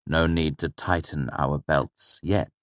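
A man voicing a wry, easygoing middle-aged father who leads a traveling troupe, speaking in a gently teasing way. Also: a bass voice, steady tone, slow pace, dry recording, exaggerated voice. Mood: dry.

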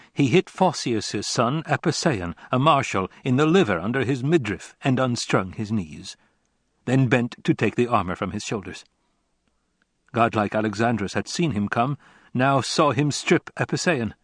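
A man giving a measured, dramatic reading as narrator of an epic poem. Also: mid-range voice, expressive, no room sound.

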